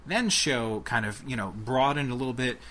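A young man co-hosting a casual tech podcast, talking excitedly and rambling with lots of restarts. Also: mid-range voice, normal speed. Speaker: podcast co-host.

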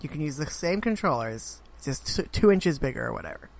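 A man's voice: on the high side, sing-song, fairly quick, vocal fry. A man co-hosting a casual tech podcast, asking musing, speculative questions. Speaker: podcast co-host.

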